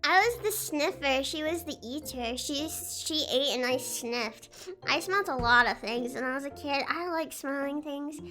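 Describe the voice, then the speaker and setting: A young adult woman, chatting casually on a livestream in an excitable, giggly, sarcastic way. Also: high-pitched, unhurried. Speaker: streamer.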